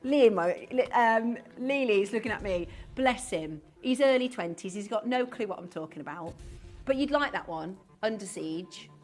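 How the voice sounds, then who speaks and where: A woman's voice: mid-range voice, lively intonation, moderate pace, darkish tone, faint music behind. Lady shopping-tv host, chatty, voice swoops up and down a lot. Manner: chatty, full of rhetorical questions. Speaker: shopping channel presenter. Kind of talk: live TV selling chat. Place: TV studio.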